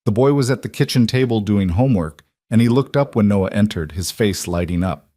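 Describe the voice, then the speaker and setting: Low-voiced male story narrator, dry sound. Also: animated, fairly quick, hardly any pauses, warm tone, no room sound.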